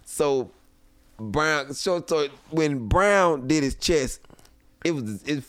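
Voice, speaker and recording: A man's voice: a little high, animated, takes it slowly, fairly bright tone, no room sound. A man telling a long comic story as a podcast guest, acting out other people's lines and dropping into whispers. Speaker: guest comedian. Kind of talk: animated storytelling. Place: home podcast room. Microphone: studio mic.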